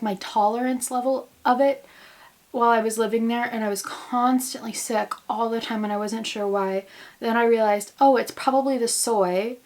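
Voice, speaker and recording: A woman's voice: on the high side, a little mellow. A young American woman in her twenties chatting casually to camera at home, rambling and goofy, joking about herself. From United States. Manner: rambling, goofy, self-mocking. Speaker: vlogger, grad student. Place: indoors at home in quarantine.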